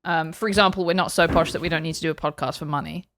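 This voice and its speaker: A woman's voice: low-pitched, fairly even intonation, very fast, a bit bright, a little hiss or hum. A woman with an English accent co-hosting a podcast, chatting casually, joking and swearing freely. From England. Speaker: podcast co-host.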